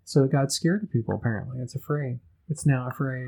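A man's voice: medium pitch, quick pace, gravelly, hardly any pauses, warm tone, breathy edge, low-quality recording. Jokey man co-hosting a podcast. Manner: jokey, riffs and interrupts with asides. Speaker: guest co-host. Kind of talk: casual podcast chat, reading folklore news.

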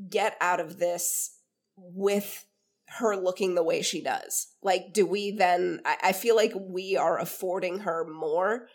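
A woman co-hosting a podcast in casual chat, animated and swearing freely as she wonders aloud. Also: lowish voice. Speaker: podcast co-host.

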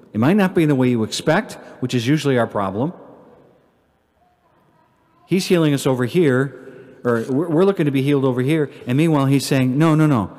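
A man, a priest, giving an earnest homily at Mass that swings between emphatic peaks and hushed prayer. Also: mid-range voice. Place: church. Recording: long church reverb.

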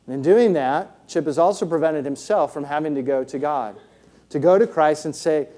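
A man's voice: on the high side, fairly quick, warm tone. A man preaching a sermon as a pastor, earnest and rhetorical, often checking in with the congregation with "right?".

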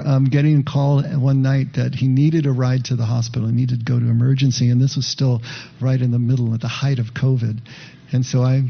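Gravelly, husky man giving a sermon. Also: medium pitch, lo-fi sound. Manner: conversational, reflective storytelling with asides to the congregation. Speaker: pastor.

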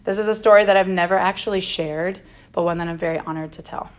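A young woman giving a personal faith talk as guest speaker, earnest and gentle. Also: fairly low pitch, steady tone, fast talker.

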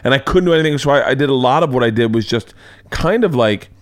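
A man in his forties hosts a podcast in a loose, rambling way, swearing freely and restarting his thoughts. His voice sits at an ordinary middle pitch. The sound is dry and close. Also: lively intonation, quick pace, no echo. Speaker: podcast host, comedian. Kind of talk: casual conversation. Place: indoor home studio room.

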